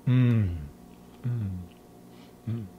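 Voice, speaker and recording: A man's voice: medium pitch, drawn-out words, phone-quality sound, slight background noise. A man with a German accent, chatting casually while tasting and cooking wild plants in his home kitchen. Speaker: homestead vlogger.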